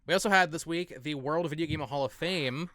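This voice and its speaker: A man co-hosting a casual podcast, chatting quickly and laughing often. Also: a little high, pushed and bright. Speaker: podcast co-host.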